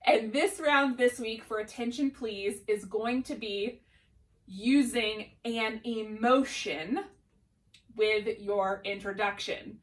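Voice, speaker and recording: A woman's voice: on the high side, steady tone, slow pace. A young adult woman teaching a drama lesson to children, enthusiastic and encouraging. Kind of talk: upbeat classroom lesson.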